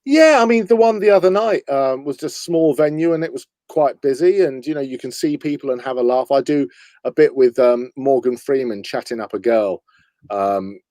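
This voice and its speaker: A man's voice: mid-range voice, moderate pace, mellow, no echo. A talkative London man on a video call, chatting easily about his stage work and laughing along. His voice sits in a middling register and sounds close and dry, with no room around it. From London, England. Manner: chatty, laughs often, slips into impressions. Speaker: impressionist and comedian guest. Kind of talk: casual interview chat.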